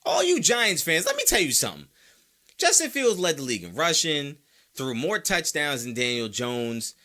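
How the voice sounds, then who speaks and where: Man, sports podcast host, casual, lively swinging pitch, very bright forceful voice, playful mock voices. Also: moderate pace. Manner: animated, playful, mock-quotes fans in exaggerated voices. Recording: mic close by.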